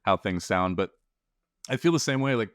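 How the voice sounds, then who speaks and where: A man with a low, fairly deep voice talks through a podcast conversation. He wanders through his points in a relaxed way, laughing along as he goes. The sound is dry and close, with no room around it. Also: moderate pace, no room sound. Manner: rambling, with frequent chuckles. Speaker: podcast co-host. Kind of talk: casual conversation.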